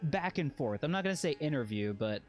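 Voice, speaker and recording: Male streamer, slightly high voice, rambling casual commentary, keeps interrupting himself with chuckles. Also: expressive, a little fast, soft background music. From Western. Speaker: game streamer. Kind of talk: casual gameplay commentary with anecdotes.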